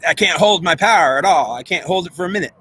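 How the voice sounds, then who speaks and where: A man rambles through a loose monologue, arguing with himself as his thoughts tumble out. His voice sits somewhat high and bright with a sharp, forceful edge. He talks at a quick clip. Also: animated, slightly rough. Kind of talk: unscripted monologue; guided visualization.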